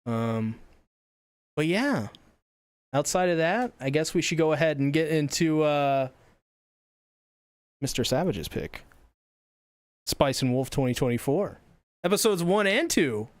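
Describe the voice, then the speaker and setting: A man with a fairly high, smooth and clear voice that rises and falls a lot. He chats casually and enthusiastically as a podcast co-host, steering the conversation along, on a dry close mic. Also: lively intonation, a little slow, pauses often, dry recording. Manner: enthusiastic, gushing, moves the show along. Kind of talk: casual chat.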